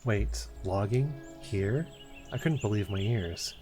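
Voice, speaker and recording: Low-voiced man reading a story game. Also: lively intonation, slow pace, mellow, faint music behind. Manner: reads story text expressively, with stumbles and asides. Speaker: streamer. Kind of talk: reading a narrative game aloud.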